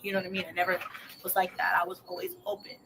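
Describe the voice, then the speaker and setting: A woman's voice: lowish voice, monotone, rapid-fire. Blunt, profane young mother telling her story. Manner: blunt and profane, emotional, drops to near-whispers. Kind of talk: candid personal storytelling. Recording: noisy clip played in a reaction video.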